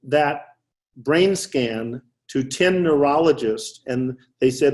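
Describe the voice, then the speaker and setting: A man's voice: mid-range voice, slow pace. An older man, a psychiatrist guest, telling clinical stories in a loose, anecdotal way, often restarting mid-sentence. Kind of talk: casual storytelling interview.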